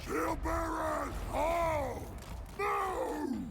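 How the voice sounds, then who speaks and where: Actors playing gruff dwarf soldiers in a video game, shouting battle cries and orders. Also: male voice, extremely high pitch, huge pitch swings, extremely slow, heavy background noise, heavily acted. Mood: battle fury. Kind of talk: video game unit voice lines.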